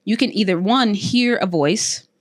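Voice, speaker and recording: A woman's voice: medium pitch, unhurried, no room sound, clean studio sound. A woman hosting a casual interview, encouraging and chiming in with frequent affirmations. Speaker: podcast host.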